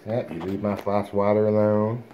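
Low-voiced man cooing at puppies. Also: level tone, moderate pace, muffled recording, noisy background. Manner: coos playfully at puppies, sometimes whispering. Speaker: dog breeder. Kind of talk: casual home video talking to puppies. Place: indoor room at home.

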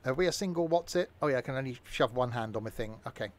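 A man's voice: medium pitch, animated, fast talker. Joking man streaming a game. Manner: rambling, jokey, mutters to himself. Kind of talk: casual gameplay commentary.

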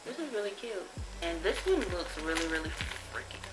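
A woman's voice: on the low side, big pitch swings, a little fast, low-quality recording. A young woman, chatting casually and bluntly, with plenty of profanity, while she reviews a haul of cheap jewelry. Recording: music playing behind the voice.

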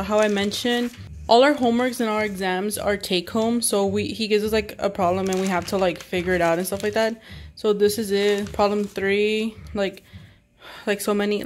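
A woman's voice: mid-range voice, a little hiss or hum. A young adult woman vlogging in a casual, rambling way, exasperated and full of "like". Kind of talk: casual vlog chat.

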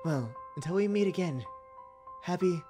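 A man's voice: sits high, expressive, normal speed, mellow, faint music behind. A man reading out game dialogue as a clingy, lonely, lovesick character, pleading and melodramatic. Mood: sad farewell.

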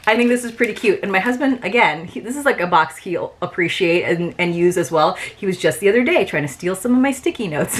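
A woman's voice: fairly low pitch, a bit bright. Young woman vlogger, chatty unboxing review, giggles often, filler-heavy. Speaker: subscription box reviewer. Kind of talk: casual unboxing vlog.

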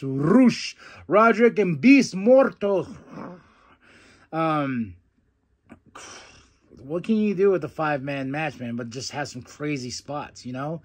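A young man with a slightly high voice runs through a wrestling show in a loose, chatty recap. He jumps into excited voices to mimic the wrestlers and laughs easily. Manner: animated, quotes wrestlers in excited put-on voices, laughs often. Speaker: podcast host.

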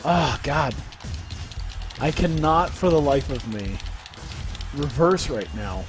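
A man's voice: a little high, animated, slow pace, long pauses, soft background music. Profane, exasperated male game streamer. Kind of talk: live gameplay commentary.

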